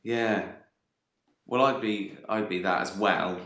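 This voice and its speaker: A man's voice: fairly low pitch, takes it slowly, a bit bright. Man rambling and chuckling in a roomy echo. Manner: rambling, chuckling, swears freely, jokey asides. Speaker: host answering viewer questions. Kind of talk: casual livestream chat.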